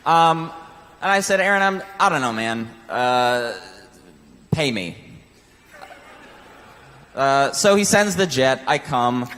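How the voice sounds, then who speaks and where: A man delivering a cocky, deadpan comic monologue on a convention stage. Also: mid-range voice, takes it slowly, long pauses. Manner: cocky, deadpan swagger with swearing. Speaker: contestant cutting a promo. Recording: long hall reverb.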